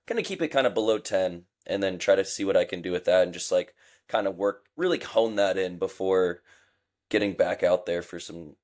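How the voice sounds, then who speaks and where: A man with a deep voice speaks in casual podcast chat. He talks hesitantly, restarting as he works out his thoughts. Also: fairly quick, darkish tone. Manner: hesitant, thinking aloud. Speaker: podcast co-host.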